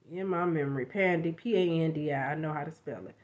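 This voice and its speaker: A woman vlogging casually about self-help, chatty and animated, with frequent asides and a slight cough after illness. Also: sits low, fast talker, few pauses. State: recovering from covid, coughing. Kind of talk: casual motivational vlog. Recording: lo-fi home recording.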